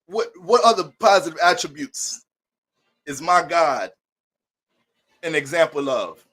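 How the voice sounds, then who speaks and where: A man's voice: on the high side, lively intonation, a little slow, fairly bright tone. A man hosting an astrology livestream, greeting viewers by name in playful mock-preacher banter.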